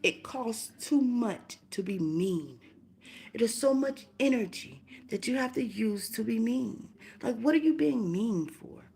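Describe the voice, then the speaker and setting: A woman's voice: on the high side, lively intonation, unhurried, gravelly, mellow. A young woman ranting bluntly and profanely on a casual livestream, firing off rhetorical questions while doing her hair.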